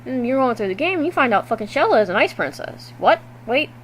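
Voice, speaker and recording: A woman vlogging to her webcam at home, recapping a video game in a loose, animated way and swearing freely. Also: a little high, quick pace, a little hiss or hum, low-quality recording. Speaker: gaming vlogger. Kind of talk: casual game recap to camera.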